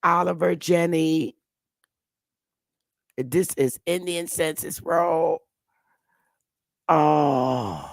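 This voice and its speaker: Slow, blunt woman streamer. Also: sits low, vocal fry, no room sound. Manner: blunt and profane, with excited exclamations. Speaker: livestream host. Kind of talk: casual livestream commentary.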